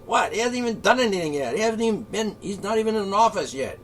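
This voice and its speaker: A man delivering an angry, profane solo rant, sarcastic and swinging between shouting and muttering. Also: sits high, lively intonation, fast, a little hiss or hum. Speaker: political commentator.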